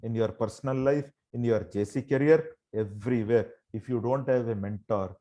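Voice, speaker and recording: A man's voice: medium pitch, normal speed, warm tone. A man giving an online motivational session over a video call. He speaks emphatically, fires rhetorical questions at his listeners and keeps calling them "my dear friends". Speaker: motivational trainer.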